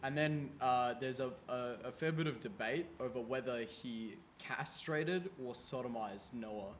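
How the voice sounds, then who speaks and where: A young adult man co-hosting a casual podcast, retelling things in a deliberate way. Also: medium pitch, a little hiss or hum. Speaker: podcast co-host. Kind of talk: casual chat.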